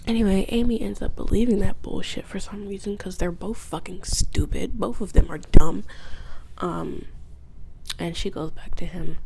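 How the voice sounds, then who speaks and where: A woman's voice: medium pitch, steady tone, a little slow, vocal fry, background noise. A woman vlogger giving a casual, rambling, profane recap, often dropping into whispered asides. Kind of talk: casual video essay recap.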